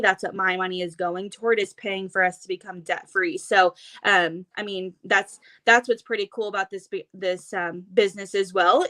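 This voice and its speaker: A young woman on a video call at home, out of breath and talking fast and excitedly. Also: medium pitch. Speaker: host of a live sales event. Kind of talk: casual live video chat.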